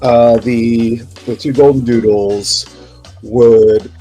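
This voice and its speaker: A dog trainer telling a rambling, relaxed story in casual chat. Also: mid-range voice, slow. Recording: faint background music.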